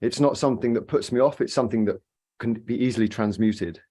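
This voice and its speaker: A man's voice: medium pitch, quick pace, warm tone. A man co-hosting a casual live chat, easygoing and playful in manner. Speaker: co-host.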